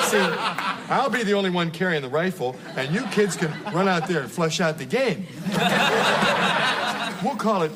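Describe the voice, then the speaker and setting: A man's voice: high voice, expressive, slow, long pauses. A man on a podcast acting out a sitcom father's lines with mock-dramatic flair. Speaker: podcast co-host reenacting scenes. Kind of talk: comedic scene reenactment. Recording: loud background noise.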